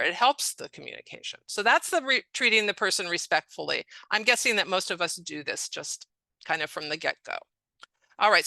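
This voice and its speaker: A woman's voice: medium pitch, bright, forceful tone, no room sound, low-quality recording. A middle-aged woman, a speech-language pathologist, giving a conversational webinar lecture and acting out example phrases as she explains. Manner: conversational, explanatory, frequent "um" and "you know", acts out example phrases.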